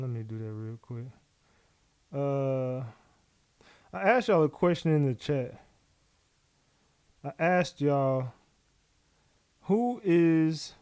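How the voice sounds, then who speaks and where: A man with a New York accent commenting live on a trial, reading updates aloud and talking to his chat in a profane, animated way. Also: on the high side, no echo, clean studio sound. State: out of breath. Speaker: livestream commentator.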